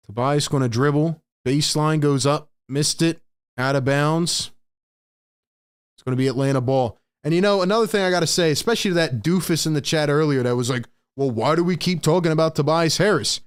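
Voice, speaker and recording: A young American man with a fairly high voice calls the plays on a live stream and vents to the chat. He talks in blunt, casual slang, frustrated and direct. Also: smooth. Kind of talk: live play-by-play and reaction stream.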